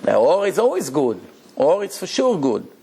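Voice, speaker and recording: A man delivers a Torah lecture as a rabbi, with a voice pitched a little high for a man. He tells stories with energy and keeps asking his listeners questions. His English has the grammar slips of someone who did not learn it first. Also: normal speed, gravelly, breathy edge. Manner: animated storytelling with rhetorical questions; non-native English grammar.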